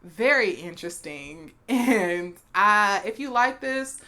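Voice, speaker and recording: A woman's voice: medium pitch, expressive, slow, sharp tone. Blunt woman vlogger talking straight to viewers. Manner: frank, blunt, addresses viewers as y'all. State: coughing now and then. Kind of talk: direct-to-camera vlog, candid opinion talk.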